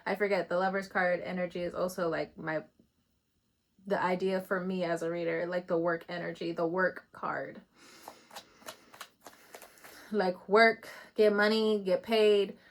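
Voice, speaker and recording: A woman's voice: fairly low pitch, level tone, normal speed. Chatty woman giving a tarot reading. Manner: chatty, laughs often, swears casually. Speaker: tarot reader.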